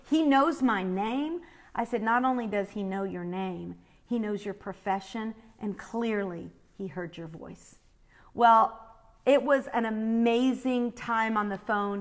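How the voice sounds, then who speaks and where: A middle-aged woman telling a personal faith story, quoting others as she goes. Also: mid-range voice. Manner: animated, quotes others in her own voice. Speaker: speaker sharing a faith story.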